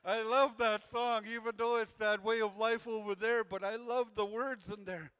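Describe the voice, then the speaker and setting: High, smooth-voiced man telling his story. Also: fairly even intonation, measured pace, a bit bright. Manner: earnest, repeats key phrases, laughs between lines. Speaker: invited speaker sharing his healing journey. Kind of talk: personal storytelling talk.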